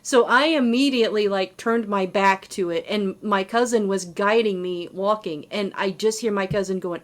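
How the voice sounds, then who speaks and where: A woman co-hosting a podcast, telling a personal story in a casual, animated way with lots of fillers. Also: mid-range voice, normal speed. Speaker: podcast co-host.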